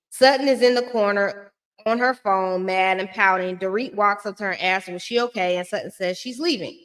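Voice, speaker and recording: A woman giving a blunt, chatty recap of a reality show in a casual, slangy way. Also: medium pitch.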